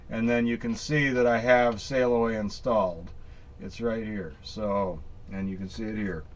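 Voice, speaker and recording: A man's voice: mid-range voice, darkish tone. A man casually talking through a screen-recorded tech walkthrough, rambling and folksy, full of fillers and restarts. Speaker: tech tutorial maker.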